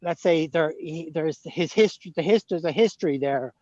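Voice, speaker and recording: A man's voice: fairly high pitch, moderate pace, dark tone, dry recording, muffled recording. A man with an Irish accent chatting casually on a video call while out walking his dog. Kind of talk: casual chat.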